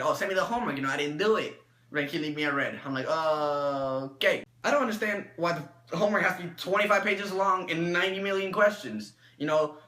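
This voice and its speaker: A teenage boy ranting to camera in a comedic, animated way, acting out his own exchanges. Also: on the high side, echoey room. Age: teens. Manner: animated, exaggerated, acts out exchanges. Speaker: vlogger.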